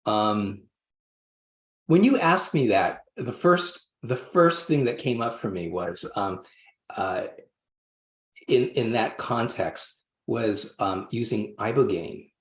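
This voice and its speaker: A man's voice: fairly low pitch, animated, slow, a bit bright. Rambling man telling a story in an echoey room. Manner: rambling, with many restarts; acts out quoted voices animatedly. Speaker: podcast guest. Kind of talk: storytelling interview answer. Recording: roomy echo.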